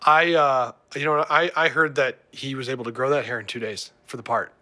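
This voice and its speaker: A man hosting a casual chat, animated and opinionated, laughing easily. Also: medium pitch, a little fast. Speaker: podcast host. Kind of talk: casual chat about film and wine.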